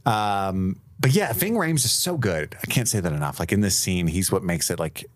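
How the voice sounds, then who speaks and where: A man's voice: sits low, lively intonation, normal speed. A man co-hosting a podcast in casual chat, recapping a movie with wry, profane remarks. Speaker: podcast co-host.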